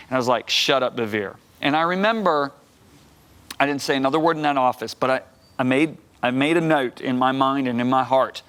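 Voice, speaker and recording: Speaking fast in a medium, smooth voice with a fairly bright tone, a sixty-something minister gives an animated testimony as a TV talk show guest, acting out the voices of those he quotes from the studio set.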